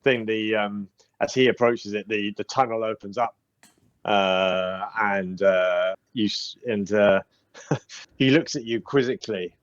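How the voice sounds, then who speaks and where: GM, lowish voice, lots of ums, dry lo-fi call audio. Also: male voice, dry recording. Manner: halting, full of ums and restarts. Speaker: game master. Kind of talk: narrating a tabletop game.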